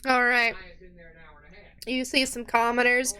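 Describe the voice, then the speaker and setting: A woman narrating as game master of a tabletop game, lively and quick to voice the townsfolk. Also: a little high, clean tone.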